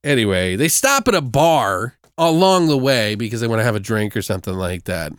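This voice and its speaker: Brief: chatty male co-host, dry close sound, lively swings in pitch, swears freely. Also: fairly quick, clear, resonant tone, no room sound. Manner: animated, swearing, laughing storyteller. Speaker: podcast co-host. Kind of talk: casual movie recap chat.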